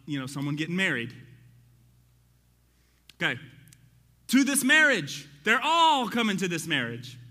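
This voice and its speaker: Excitable high-voiced man teaching Scripture. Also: in a large hall. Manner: excitable, conversational, talks straight to the listeners. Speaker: Bible teacher. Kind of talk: animated Bible study teaching.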